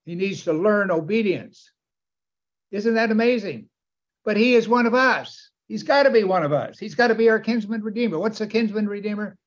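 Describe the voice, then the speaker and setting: A man's voice: high-pitched, moderate pace. A man preaching a sermon with emphasis, often asking his listeners questions. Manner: emphatic, asks the audience questions. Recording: dull, lo-fi sound.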